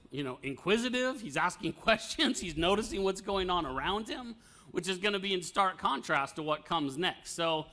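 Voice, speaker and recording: A man's voice: sits high, sharp tone. A man teaching an informal Bible study, talking conversationally with fillers and light laughs.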